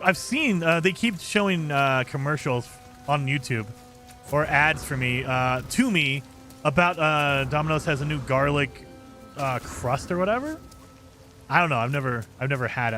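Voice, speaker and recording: A man streaming a game keeps a casual conversation going with his live chat, reacting to comments and using lots of fillers. His voice is fairly high, bright, and forceful.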